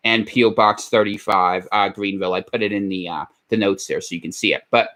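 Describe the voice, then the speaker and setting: A man's voice: fairly low pitch, fairly even intonation, a little fast, a bit bright. A man hosting his own podcast, talking casually and candidly in a rambling, tired way. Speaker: podcast host. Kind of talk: casual solo podcast monologue.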